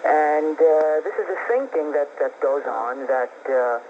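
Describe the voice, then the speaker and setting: A man talking earnestly and deliberately as a guest on a talk radio show. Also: on the high side, darkish tone, slight background noise. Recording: dull lo-fi radio tape.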